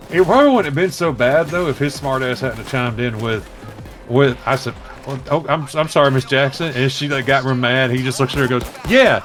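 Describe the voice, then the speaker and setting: A man telling a profane story casually while streaming a game, acting out the voices of the people he quotes. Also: mid-range voice. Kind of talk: casual storytelling over gameplay. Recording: loud background music.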